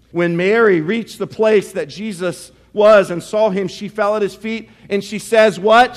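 A man preaching a sermon as pastor, reading scripture dramatically and pressing the congregation with rhetorical questions. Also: sits high. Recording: long hall reverb.

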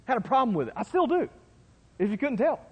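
High-voiced preacher in a reverberant hall. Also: male voice, very animated, quick pace, breathy edge, dull audio. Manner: folksy, conversational preaching with asides to listeners. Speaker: pastor. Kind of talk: sermon. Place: church sanctuary.

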